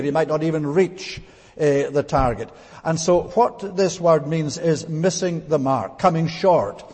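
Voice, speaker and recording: A man with a slightly raised pitch and a husky edge preaches a verse-by-verse sermon. He explains each point in a deliberate, teacherly way and pauses often on small fillers. His voice carries a long reverb from a church hall. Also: a little mellow. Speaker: pastor. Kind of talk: expository Bible sermon.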